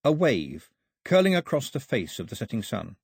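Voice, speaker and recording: A man narrating an audiobook in a measured storytelling manner. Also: medium pitch, huge pitch swings, gravelly, darkish tone, husky, no room sound. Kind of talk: scripted narration.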